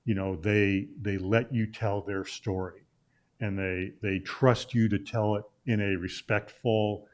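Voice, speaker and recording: In an unhurried, lowish voice with fairly even intonation, a middle-aged sports journalist from Illinois tells a long story as a talk show guest. The anecdote rambles casually, with lots of "uh" fillers and restarts.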